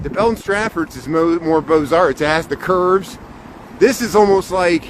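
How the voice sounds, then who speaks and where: A man's voice: fairly high pitch, rough recording. Rambling man touring city streets. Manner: rambling, self-correcting, enthusiastic about buildings. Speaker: vlogger giving a walking tour. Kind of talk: casual walking-tour commentary. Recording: wind noise and street traffic.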